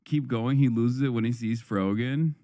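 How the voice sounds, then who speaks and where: A man's voice: mid-range voice, moderate pace, mellow, no room sound, clean studio sound. A man streaming live, reacting to a video with heated, profane commentary that often repeats and restarts. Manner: angry, profane ranting.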